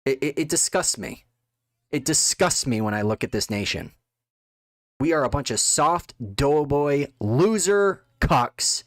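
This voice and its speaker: A man's voice: mid-range voice, no echo. A man delivering an angry, contemptuous political rant, full of insults. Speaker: political commentator. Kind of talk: ranting monologue.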